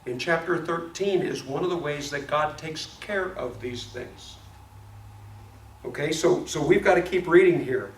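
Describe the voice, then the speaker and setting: A man teaching a Bible study in a casual, animated way, often restarting his words as he tells a story. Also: fairly high pitch, a little slow. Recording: echoey room, mic at a distance, faint noise.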